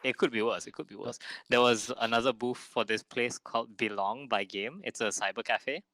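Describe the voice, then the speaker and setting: A young man with a Malaysian English accent co-hosts a podcast, chatting casually in a mid-range voice at a moderate pace; the recording is low quality but has no echo. He's an animated storyteller who acts out other people's lines, though he sounds a little run down and coughs now and then.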